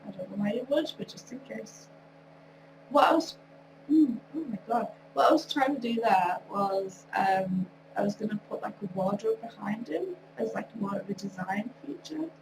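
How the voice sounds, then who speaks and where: A woman's voice: mid-range voice, normal speed. A woman with a nasal voice from a cold, rambling and chatting with frequent laughs as she talks over her gameplay. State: recovering from a cold, tired. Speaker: video creator. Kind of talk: casual commentary over gameplay. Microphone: wrong mic, far from speaker. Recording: distant mic with clear hum.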